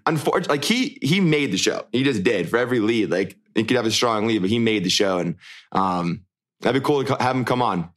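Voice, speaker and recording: A man's voice: lowish voice, expressive, fast talker, a bit bright. A young man co-hosting a casual chat, rambling with many restarts and fillers. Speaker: podcast co-host, former show lead.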